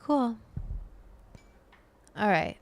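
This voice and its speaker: A woman's voice: a little high, expressive, extremely slow, vocal fry, a little hiss or hum. A woman hosting a casual livestream, rambling to her viewers and her pet as she goes. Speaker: livestream host.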